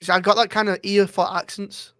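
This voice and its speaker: A man rambles through a casual interview as a streamer guest, swearing freely. His voice sits at an ordinary pitch. The sound is dry and close. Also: flat delivery, fairly quick, sharp tone, no echo.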